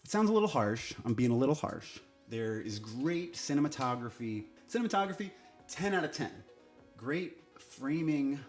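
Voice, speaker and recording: A man's voice: medium pitch, big pitch swings, normal speed, soft background music. A man giving a casual, sarcastic and exasperated TV review, swearing now and then.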